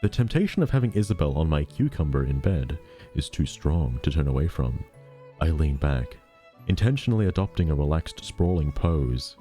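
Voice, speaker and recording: A man's voice: extremely low pitch, sing-song, moderate pace, dark tone, soft background music. A man casually reading a novel aloud, breaking off for irreverent, profane asides. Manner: irreverent, swears, breaks off to joke.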